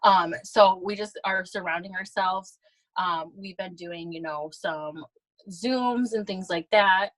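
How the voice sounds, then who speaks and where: A woman's voice: medium pitch, takes it slowly, no room sound, rough recording. A woman sharing her experience on a video call in a chatty, upbeat way, with many ums. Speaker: guest team leader.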